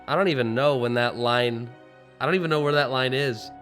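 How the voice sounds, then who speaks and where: A man's voice: mid-range voice, brisk, fairly bright tone, faint music behind. A man chatting casually on a live stream about voice acting, rambling, joking at his own expense and breaking into laughter. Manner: rambling and self-mocking, bursts of laughter. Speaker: streamer and voice actor. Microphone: streaming microphone.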